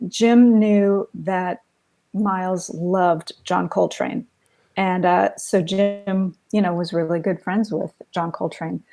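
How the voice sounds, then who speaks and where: A woman guest telling stories in a casual interview, laughing often as she goes. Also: on the low side. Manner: animated anecdotes, laughs often. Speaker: guest, photographer's estate heir.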